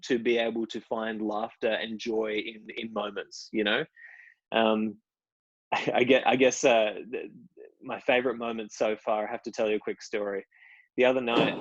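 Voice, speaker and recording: A man's voice: fairly low pitch, dry recording, highs cut off. Chatty man hosting a group call. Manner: rambling, with many restarts and fillers. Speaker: host of a stoicism meetup. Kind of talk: casual talk to a group. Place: indoor room at home.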